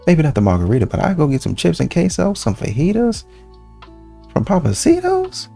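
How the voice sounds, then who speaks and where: Male reaction host, gravelly and mellow, lively slangy delivery. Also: fairly high pitch, a little fast, soft background music. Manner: laid-back, slangy, animated. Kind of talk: casual reaction commentary.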